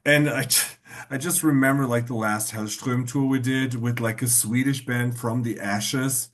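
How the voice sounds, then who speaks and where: A man's voice: mid-range voice, fairly even intonation, normal speed. A man hosting a podcast, telling rambling anecdotes in casual chat. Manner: rambling anecdotes full of fillers. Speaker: podcast host.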